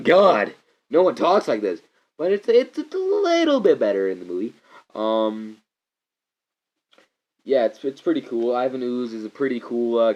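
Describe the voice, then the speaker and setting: A man vlogging a rambling casual movie rant to his camera, digressive and animated, breaking into loud mock voices. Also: lowish voice. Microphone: camera mic. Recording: dull lo-fi camera audio.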